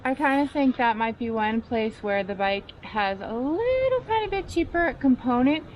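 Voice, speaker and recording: A chatty woman with a somewhat high voice talks casually while riding outdoors. She laughs often and pokes fun at herself. The outdoor noise is clearly audible behind her. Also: very animated, moderate pace. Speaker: vlogger reviewing her bike. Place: outdoors on trails and roads. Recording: noisy outdoor recording.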